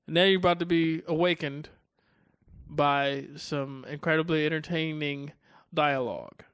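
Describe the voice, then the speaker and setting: A man's voice: fairly high pitch, steady tone, slow pace, pauses often, a bit bright, smooth, no room sound, studio quality. A man co-hosting a podcast in casual chat, teasing and laughing often. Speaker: podcast co-host.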